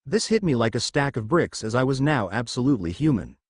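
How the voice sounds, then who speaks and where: A man's voice: medium pitch, sing-song, a little fast, breathy edge, no echo, studio quality. A man narrating a first-person fan fiction story and reading every character's lines in his own voice. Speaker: fanfiction narrator.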